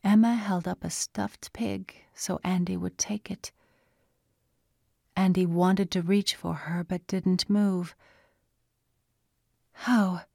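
A woman narrating a story in a hushed, unhurried reading voice. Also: lowish voice, fairly even intonation, gravelly, no room sound, studio quality. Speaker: audiobook narrator. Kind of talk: scripted narration.

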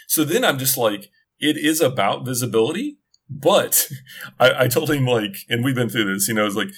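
A middle-aged man talks casually, rambling through a story with frequent restarts and asides. His voice sits at an ordinary middle pitch. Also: fairly bright tone, slightly rough. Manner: rambling, self-interrupting storyteller. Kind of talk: casual chat.

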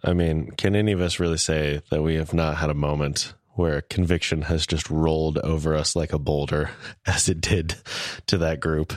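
A man co-hosting a casual podcast discussion, emotional and quick to laugh. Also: a bass voice, level tone, no room sound, clean studio sound. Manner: warm, emotional, laughs often. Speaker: podcast co-host.

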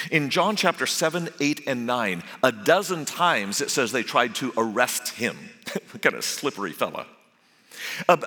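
A man's voice: mid-range voice, bright, forceful tone, husky. A man giving a sermon as a guest preacher, telling the story with humor. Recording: echoey hall.

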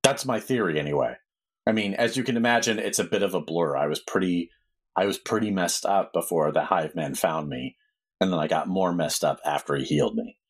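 A man's voice: low-pitched, fairly quick. A man voicing a battered guide who leads the party, talking in a plain, earnest way during a tabletop game. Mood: explaining.

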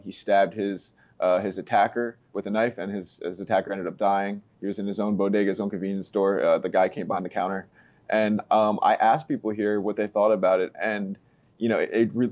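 A man talking politics in a casual chat, halting, with lots of fillers and "you know". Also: fairly low pitch, a little mellow, highs cut off. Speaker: street interviewer guest.

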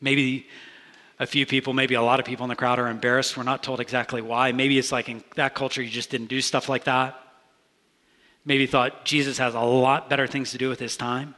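Bright-voiced man preaching in a reverberant hall. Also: mid-range voice, little pitch movement, a little fast. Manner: conversational, earnest preaching with frequent restarts. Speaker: pastor. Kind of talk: sermon. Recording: long reverb of a large hall.

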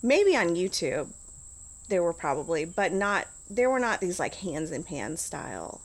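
A woman's voice: on the low side, very animated, a little slow. A middle-aged woman talking casually as an interview guest, full of "like" and restarts. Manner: chatty, lots of "like" and restarts.

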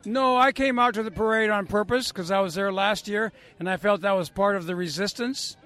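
A man's voice: high voice, a little fast, a bit bright. A man interviewed in a crowd, earnest and speechy, talking like an activist.

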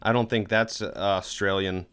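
A man's voice: on the low side, level tone, normal speed, fairly bright tone, clear, resonant tone. Rambling casual male podcast co-host. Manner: rambling, self-deprecating, tries joke accents. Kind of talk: casual chat.

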